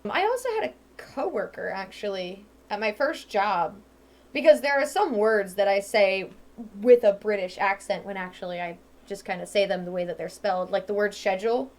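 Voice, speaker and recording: This young let's-play host from Ohio, USA, chats casually over gameplay, rambling along with lots of "um" and "like" and laughing easily. Her mid-range voice is animated and darkish, moving at a moderate pace.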